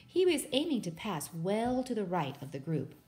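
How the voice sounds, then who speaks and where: A woman reading a children's book aloud in a steady, expressive way. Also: medium pitch, normal speed, soft background music. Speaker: storybook reader.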